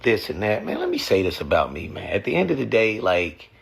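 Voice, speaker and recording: A man's voice: lowish voice, huge pitch swings, a little fast, vocal fry, husky. A man talking casually and emotionally about his family and faith, blunt and full of cussing. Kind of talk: casual reflective talk.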